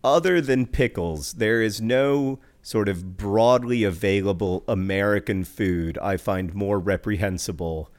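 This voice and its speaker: A man's voice: on the low side, a little slow, hardly any pauses, a little mellow. A man co-hosting a podcast in casual chat, dry and wry, leaning on "like" as filler. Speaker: podcast co-host.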